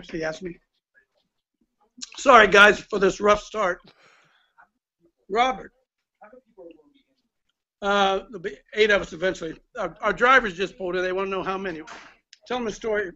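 Hosting a laid-back live-stream chat at home, a man speaks through the phone he's holding, his voice sitting high and sounding pushed and bright. The audio is lo-fi, and he rambles and keeps apologizing.

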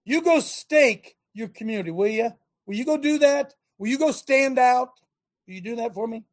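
A man preaching to a men's gathering, reading scripture and swinging from loud urging calls to hushed near-whispers in a husky voice. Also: very high voice, lively intonation, moderate pace.

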